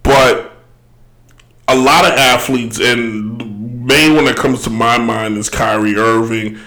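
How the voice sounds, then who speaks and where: A man talks loosely through his opinions as a podcast host, circling back and correcting himself as he goes. His voice sits in a middling range and sounds a little throaty, and he clears his throat now and then. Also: medium pitch, fairly even intonation, takes it slowly, bright, forceful tone, poor audio. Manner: rambling, self-correcting, laughs often. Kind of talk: casual solo commentary.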